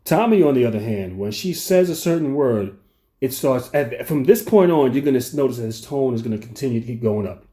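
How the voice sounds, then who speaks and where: A man hosting a commentary video, analyzing a played clip in a deliberate, blunt way with some profanity. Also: medium pitch, expressive, dark tone. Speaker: commentary channel host.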